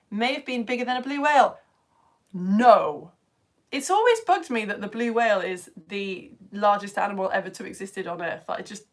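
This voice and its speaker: A woman's voice: mid-range voice, a bit bright. A woman from the UK teaching a live online science lesson, chatty and enthusiastic, laughing often as she reads out viewer comments. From United Kingdom.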